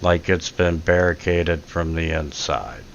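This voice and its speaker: A man's voice: low voice, steady tone, unhurried, a little hiss or hum. A man running a tabletop game as game master, describing scenes hesitantly with many fillers, on dull lo-fi audio.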